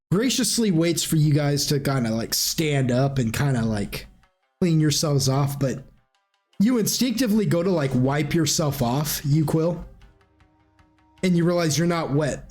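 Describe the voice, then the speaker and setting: Guy running a tabletop game, rambly and casual, keeps clearing his throat, highish voice. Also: expressive, unhurried, a little mellow, soft background music. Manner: rambling, informal, frequent restarts and clearing throat. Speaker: game master.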